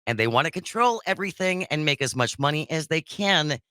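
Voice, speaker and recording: Radio co-host, woman, bright and animated, opinionated talk, dry studio sound. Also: low-pitched, no room sound. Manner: lively, quick to laugh, opinionated.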